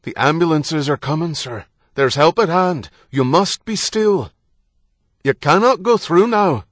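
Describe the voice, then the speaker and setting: A man voicing a calm, reassuring policeman in an audiobook. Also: mid-range voice, moderate pace, dry recording, studio quality, voice pushed up, lightly acted. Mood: calm firm. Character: calm, firm male city policeman.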